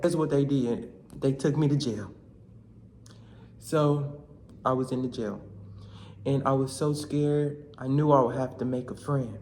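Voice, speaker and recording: A young man vlogging, telling a comic story in casual slang with animated bursts. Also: mid-range voice, moderate pace. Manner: animated, slangy, shouts in quoted lines. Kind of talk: comedic storytelling vlog.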